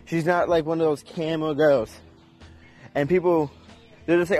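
A man's voice: a little high, normal speed, pauses often, darkish tone, soft background music. A young man ranting in an unscripted, heated and profane way, with emphatic delivery. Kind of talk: unscripted rant.

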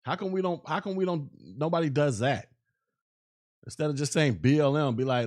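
A man's voice: a little high, big pitch swings, a little fast, darkish tone. A man hosting a solo podcast in a casual, rambling rant, often restarting his sentences and tossing in filler phrases. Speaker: podcast host. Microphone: podcast microphone.

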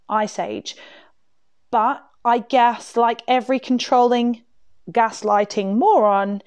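A woman talks through a personal story on her podcast in a candid, chatty way, poking fun at herself and leaning on casual fillers. Her voice sits at an ordinary middle pitch. The recording is dry and close, with no room echo. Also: a little mellow. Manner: candid, chatty, self-mocking, many "like"s. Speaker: podcast host.

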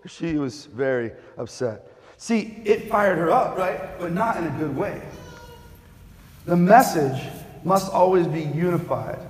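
A male pastor preaching a sermon, telling stories with lively sound effects and asides. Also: fairly high pitch. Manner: animated storytelling with sound effects. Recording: echoey hall reverb.

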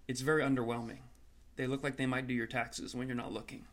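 A comedian hosting his own show, delivering an energetic intro and promo with a hyped, salesy manner and sarcastic asides. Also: mid-range voice, fast.

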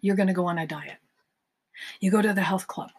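A woman's voice: lowish voice, fairly quick. A woman hosting a self-help podcast, giving a motivational talk and acting out imagined conversations. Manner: acts out imagined dialogues in lively voices.

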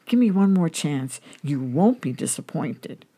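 A woman's voice: low voice, big pitch swings, unhurried, warm tone, slightly rough, heavily acted. A woman voicing a pushy, pleading broke man at a bar in a told joke.

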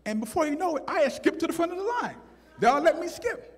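A man telling a comic story on stage, animated and acting out voices. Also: very high-pitched, quick pace. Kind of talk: stand-up story. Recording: hall with long reverb.

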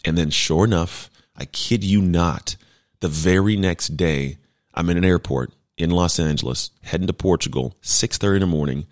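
A man in his thirties, a former football player turned speaker, telling a story casually with animated, emphatic delivery. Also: sits low, normal speed, no room sound, clean studio sound. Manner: animated, emphatic, laughs while telling stories.

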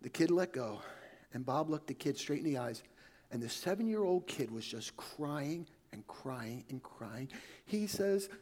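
A man preaching a sermon, telling a story in a conversational way that often sinks to a soft hush. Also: fairly high pitch, lively intonation, a little slow.

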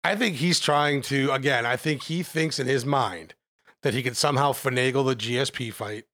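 A man in casual podcast banter who keeps breaking into laughter. His voice sits at an ordinary pitch, and he talks loosely and freely, swearing along the way. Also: normal speed, fairly bright tone. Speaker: podcast co-host. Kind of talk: casual sports chat.

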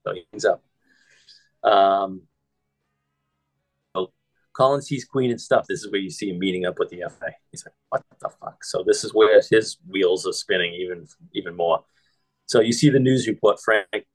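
A podcast host walks through a film scene by scene in casual chat. His fairly low voice sounds dry and close to the mic. He quotes lines and swears freely as he goes. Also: moderate pace, long pauses, dry recording, poor audio.

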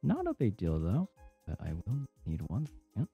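A man's voice: on the low side, huge pitch swings, normal speed, vocal fry, mellow, breathy edge, faint music behind. A man playing a tabletop game, talking casually and hesitantly, trailing off. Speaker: player.

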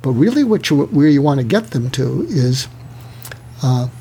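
A man's voice: medium pitch, moderate pace, a little hiss or hum. A man, an author being interviewed, explaining techniques in a conversational way and acting out example dialogue. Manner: animated, acts out dialogue examples. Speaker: author and guest.

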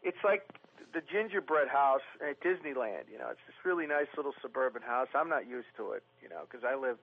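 A man telling long, profane comic stories in a rambling, animated way, often mimicking other people. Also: medium pitch, fairly quick, narrow, tinny audio. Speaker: storytelling podcast guest.

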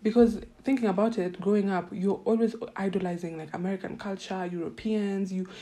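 A young woman from Kenya with a Kenyan accent, telling personal stories in a casual, animated way and acting out her own reactions. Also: mid-range voice, a little fast. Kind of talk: casual storytelling.

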